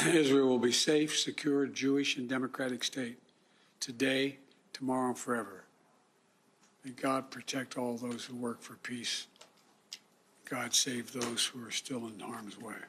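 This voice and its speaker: An older man from the United States giving a formal, solemn speech, often clearing his throat. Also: medium pitch, little pitch movement, a bit bright, a little hiss or hum. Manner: measured, solemn delivery with frequent throat clearing. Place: indoor room.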